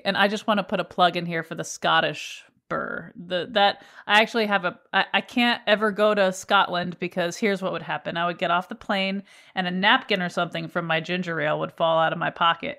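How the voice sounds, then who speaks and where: A woman's voice: fairly low pitch, fairly bright tone. A woman interviewer who asks her questions in an effusive, chatty way. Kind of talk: interview conversation.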